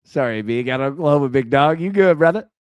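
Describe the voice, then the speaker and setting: A man hosts a live sports stream in a loose, chatty way, with plenty of fillers and restarts. His voice sits at an ordinary middle pitch. The sound is dry and close, with no room echo. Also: lively intonation, a little fast, clean tone. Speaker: live sports betting show host. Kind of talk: casual live-stream chat.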